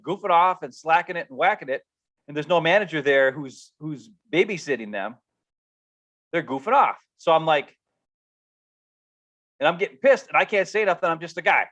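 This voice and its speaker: A middle-aged man telling a casual, animated story as a podcast co-host, acting out coworkers as he goes. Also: a little high. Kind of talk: casual rant. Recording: dull lo-fi stream audio.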